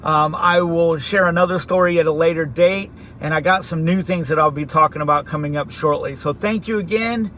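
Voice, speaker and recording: A middle-aged man hosting a vlog from his car, telling a story in a casual, animated way. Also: fairly high pitch, fairly quick, few pauses, slight background noise. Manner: animated, acts out quoted voices. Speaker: vlog host. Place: inside a car.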